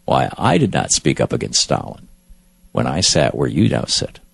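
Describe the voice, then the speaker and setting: A man voicing an angry Soviet leader who shouts slow, drawn-out demands at a silent room. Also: a bass voice, sing-song, vocal fry, breathy edge, no room sound, voice pushed down, full character voice. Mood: sly.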